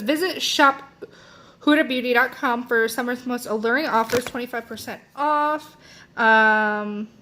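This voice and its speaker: A woman's voice: fairly high pitch, a bit bright, slight background noise. A young woman chatting casually as she unboxes beauty products, rambling with lots of fillers and self-corrections. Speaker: beauty vlogger.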